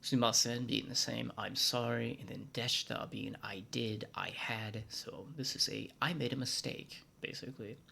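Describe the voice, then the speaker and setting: A creaky, mid-range male voice from the United States narrates a scripted vlog teaching Japanese, at a moderate pace with fairly even intonation and hardly any pauses. A little hiss or hum is audible, and he plays around with hushed asides and mock-formal speech.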